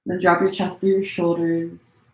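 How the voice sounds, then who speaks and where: A woman teaching a gentle yoga class, giving relaxed, chatty cues with many fillers while she demonstrates the poses, a little strained as she holds them. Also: lowish voice, a little slow. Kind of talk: live-streamed yoga class instruction. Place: room at home. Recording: echoey room.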